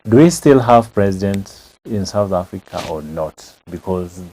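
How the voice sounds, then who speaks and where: A man with a low, dark voice in a casual conversation. He chimes in with short agreements and speaks haltingly when he adds a point. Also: expressive, poor audio. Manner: brief agreeing interjections, halting. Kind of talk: casual chat.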